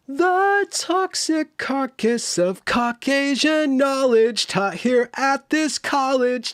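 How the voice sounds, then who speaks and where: A man singing a musical parody in a cartoony put-on voice, playing indignant young college student protesters with drawn-out sing-song notes. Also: extremely high pitch, a bit bright, clear, resonant tone, no echo, clean studio sound, voice pushed up, full character voice.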